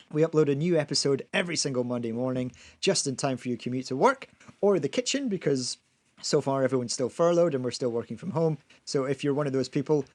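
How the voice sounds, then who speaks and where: A man co-hosting a podcast, talking at an ordinary middle pitch. He chats easily and laughs often, restarting sentences now and then as he goes. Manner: chatty, laughs often, repeats words as he restarts. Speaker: podcast co-host. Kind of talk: casual podcast chat.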